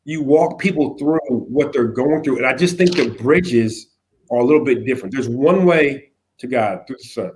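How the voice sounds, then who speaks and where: A man speaking as a youth pastor guest in a casual conversation, animated, acting out little quotes and often checking in with "right?". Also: mid-range voice, moderate pace, a little hiss or hum. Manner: animated, acts out quotes, keeps asking "right?".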